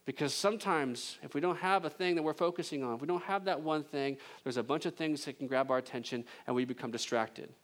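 A man preaching a sermon as pastor, conversational and joking, with emphatic swings between loud intensity and a hushed delivery. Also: a little high, fast, hardly any pauses. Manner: conversational with jokes and laughter.

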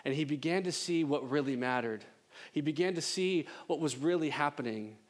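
Guy preaching, high voice, really animated and emphatic, cracks jokes between points. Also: normal speed. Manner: animated and emphatic, joking asides. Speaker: pastor. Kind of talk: sermon.

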